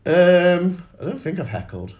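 A man telling stories in a casual chat, animated, swearing freely and acting out other people's voices. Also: high voice, measured pace.

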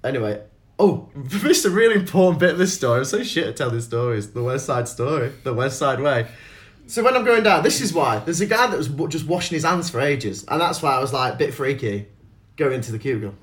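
A man telling stories in a casual chat, animated, swearing freely and acting out other people's voices. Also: mid-range voice, brisk.

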